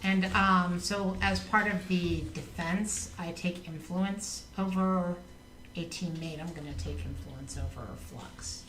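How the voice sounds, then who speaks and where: A woman's voice: fairly low pitch, steady tone, slow, fairly bright tone, roomy sound, far from the mic, a little hiss or hum, rough recording. A woman playing a tabletop game, speaking hesitantly with fillers. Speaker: player.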